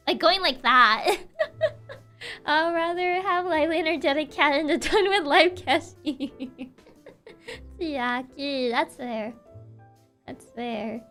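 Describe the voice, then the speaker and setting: A young woman streaming casually, soft-spoken and sassy, who laughs often while chatting with her viewers. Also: sits high, slow, long pauses, soft background music. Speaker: VTuber streamer. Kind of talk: casual livestream chat, reading chat aloud.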